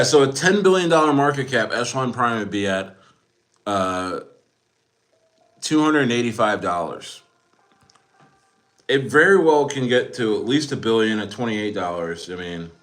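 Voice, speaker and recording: Slow-talking man rambling on a stream. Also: mid-range voice, a bit bright. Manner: rambling, repeats himself, addresses viewers as guys. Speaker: crypto streamer. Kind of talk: casual livestream commentary.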